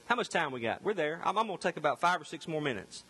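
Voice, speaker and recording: A male pastor with a Southern accent from the Delta, preaching a loud and emphatic sermon. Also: fairly high pitch, big pitch swings, fast, breathy edge, in a large hall. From Mississippi Delta, US South.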